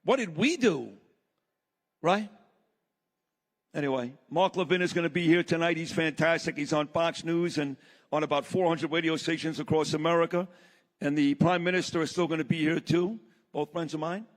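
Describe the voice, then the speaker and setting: On stage in a large hall, a summit speaker tells a story to a live audience, his speech blunt and impassioned. His voice sits on the high side, with a steady tone and normal speed. The recording carries the long reverb of the big room.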